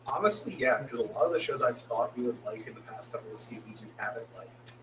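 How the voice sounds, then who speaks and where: A man's voice: medium pitch, animated, fast, roomy sound. A man co-hosting a casual podcast, chiming in with short teasing remarks. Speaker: podcast co-host. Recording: distant mic with clear background noise.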